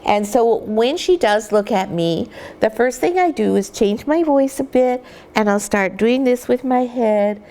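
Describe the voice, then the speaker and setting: A woman dog breeder giving an instructional demonstration, gently cooing at the puppies now and then. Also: on the high side, lively intonation, unhurried.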